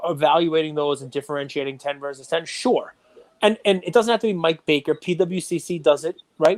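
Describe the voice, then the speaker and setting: A middle-aged man co-hosting a podcast, chatting casually and getting worked up as he rants. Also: a little high. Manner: animated, gets worked up and ranty. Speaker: podcast co-host. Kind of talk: casual chat.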